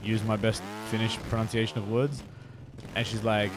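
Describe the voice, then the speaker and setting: A man's voice: lowish voice, normal speed. A man streaming a game and chatting casually, rambling and self-mocking while he answers chat. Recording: steady noise behind the voice.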